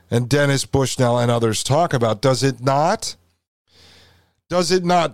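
A man hosting a commentary podcast, speaking slowly and deliberately with a fairly high voice. He is emphatic and keeps pressing the listener with repeated rhetorical questions. The sound is close and dry, with no room around it. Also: dry recording. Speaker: podcast host. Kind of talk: opinionated commentary.

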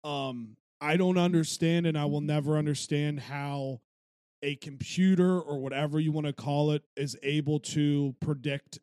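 A man co-hosting a podcast in casual chat, swearing freely and talking in an animated way. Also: fairly high pitch, normal speed, clean tone, dry recording, studio quality. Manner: profane, animated, laughs often. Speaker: podcast co-host.

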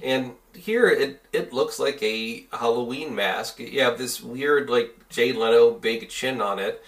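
A man's voice: mid-range voice, a little slow, a bit bright, recorded from a distance. A man in a casual podcast conversation, analytically comparing films and making references. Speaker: podcast co-host. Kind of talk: casual film review chat.

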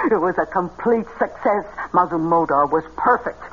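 A smooth, scheming swindler, measured and unhurried. The voice comes through a tinny, hissy old radio recording. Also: female voice, fairly low pitch, lively intonation. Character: scheming fake medium's woman partner. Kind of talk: 1940s radio acting.

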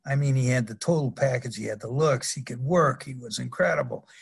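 Older man, husky rambling storyteller. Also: medium pitch, fairly quick. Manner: rambling anecdotes with repeated restarts and laughs. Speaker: guest, former pro wrestler. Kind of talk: storytelling interview.

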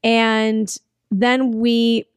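A woman co-hosting a podcast, casually retelling a film scene with plenty of swearing and excited restarts. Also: a little high, very slow, smooth, no echo, studio quality. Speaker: podcast co-host. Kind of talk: casual chat recapping a film.

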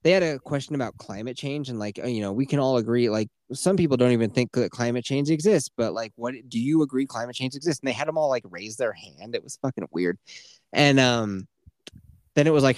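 A man's voice: mid-range voice, animated, fairly quick, a little mellow, no room sound. A man co-hosting a podcast, chatting casually and profanely about politics and quoting people as he goes. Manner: profane, loose, recounts debate in quoted voices. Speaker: podcast co-host.

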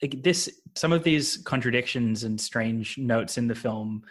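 A man's voice: medium pitch, unhurried. A man discussing a film in casual conversation, thoughtful and hesitant, building his points with restarts. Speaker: film podcast panelist.

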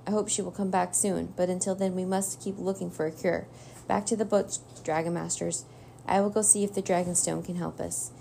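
A woman reading the part of a calm older male wizard mentor in a measured, grave way. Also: lowish voice, vocal fry, a little hiss or hum.

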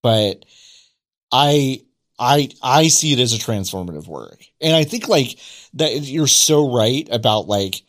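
A man chatting casually and candidly, getting excited and swearing now and then. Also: medium pitch, measured pace. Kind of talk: casual chat.

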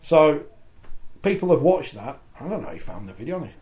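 A man's voice: on the high side, very animated, fairly quick, a little mellow. A man hosting a sports podcast, chatting and reading out listener comments. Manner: conversational, reads out listener comments. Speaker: podcast host. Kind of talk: casual sports discussion.

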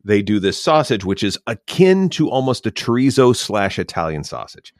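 A Canadian man with a low voice talks through a podcast story at an easy, rambling pace. He swears casually and leans on fillers. The sound is close and dry, with no room around it. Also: big pitch swings, normal speed, no echo. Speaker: podcast co-host. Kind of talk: casual chat.

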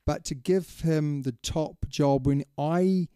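A man's voice: on the high side, slow, mellow, clear, resonant tone, dry recording, clean studio sound. A man co-hosting a sports podcast in casual chat. He is opinionated and chatty and keeps calling his co-host "mate".

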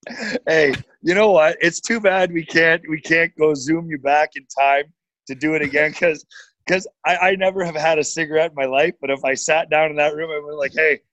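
A man's voice: a little high, steady tone, normal speed, fairly bright tone, dry recording, dull audio. A man hosting a casual chat, playful and joking as he jumps in with questions. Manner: playful, jokey, interjecting. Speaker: podcast host.

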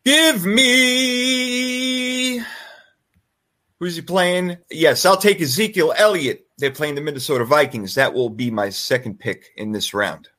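A man putting on a self-important British gentleman with slow, stilted, old-fashioned phrasing. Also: on the high side, pitched above the performer's own voice. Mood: pompous.

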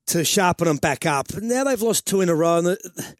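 A middle-aged Australian man breaks down football tactics on a radio sports show. His voice sits a bit high for a man and runs on, looping back over his own phrases. The studio sound is dry and close. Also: animated, brisk, no echo. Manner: rambling, restarts phrases while explaining tactics. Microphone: studio microphone.

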